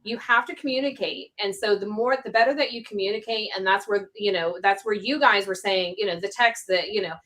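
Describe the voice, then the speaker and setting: A woman's voice: mid-range voice, fairly quick, few pauses, fairly bright tone, poor audio. Conversational woman hosting a talk show. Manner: conversational, many fillers. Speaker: host.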